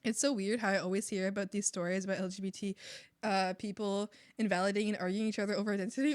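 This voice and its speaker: A young woman artist chatting casually on a livestream while drawing, rambling and animated, often swearing and laughing. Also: medium pitch, quick pace, dry recording, studio quality. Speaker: artist streamer.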